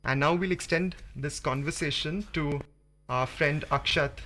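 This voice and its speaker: A man hosting a community radio talk in a studio. His voice is bright and fairly high, and his manner is articulate and measured. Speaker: radio host. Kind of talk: radio talk and poetry reading.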